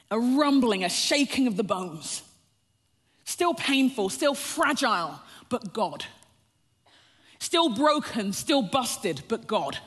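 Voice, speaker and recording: A woman's voice: on the high side, breathy edge. A woman preacher telling a personal testimony, storytelling and often breaking into a laugh as she addresses the listeners as friends. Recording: long reverb of a large hall.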